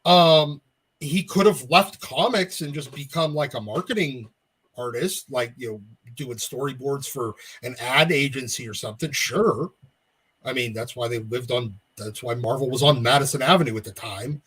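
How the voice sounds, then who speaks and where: A man on a live panel explaining a point in a measured way. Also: mid-range voice, fairly bright tone, breathy edge. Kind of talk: casual live panel chat.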